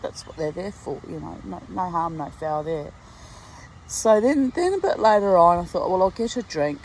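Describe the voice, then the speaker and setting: A woman's voice: lowish voice, animated, moderate pace, a little mellow, a little hiss or hum, rough recording. Rambling older woman telling a story. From Australia. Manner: chatty, rambling, with asides and laughs. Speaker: vlogger. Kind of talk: casual storytelling monologue. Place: at home near a garden.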